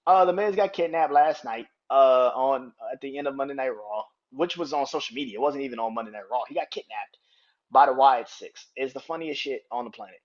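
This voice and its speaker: A solo wrestling podcast host talks casually and profanely, laughing hard and voicing the people he quotes. His voice is medium in pitch, and the recording has its highs cut off.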